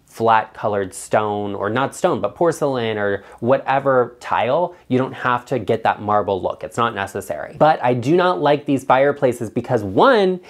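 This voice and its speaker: A man's voice: medium pitch, lively intonation, normal speed, hardly any pauses. A man vlogging about home design, speaking bluntly and emphatically straight to the viewer. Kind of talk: opinionated talk to camera.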